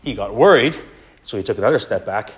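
A man's voice: fairly low pitch, animated, fast talker. A Canadian man telling a funny story in a casual sermon, with self-mocking humor. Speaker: preacher.

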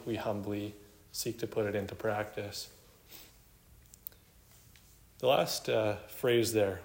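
A man delivers a careful expository sermon, unpacking scripture line by line in a steady teaching voice. His pitch sits in an ordinary middle range. The sound carries the echo of a church sanctuary. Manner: measured, explanatory teaching with quoted verses. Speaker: preacher.

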